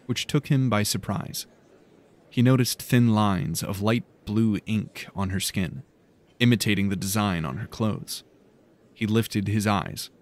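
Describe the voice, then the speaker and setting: A man reading a fantasy audiobook in calm, measured narration. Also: on the low side.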